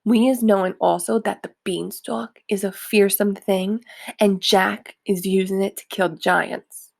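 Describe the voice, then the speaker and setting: A woman voicing a gentle old male giant who whispers in odd broken grammar. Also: mid-range voice, fairly even intonation, measured pace, creaky. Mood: hushed.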